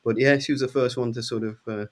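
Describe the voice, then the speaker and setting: Guest, English male, 60s, mid-pitched, rambling storyteller who voices the people in his tales. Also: fast. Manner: lively anecdotes, acts out quoted voices with big pitch jumps. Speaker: guest musician. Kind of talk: casual storytelling.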